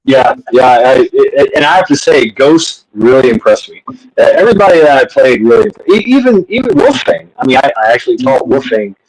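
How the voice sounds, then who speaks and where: Animated swearing male stream host. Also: brisk, low-quality recording. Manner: animated, profane, swings pitch up when quoting himself. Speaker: livestream host. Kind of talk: casual chat.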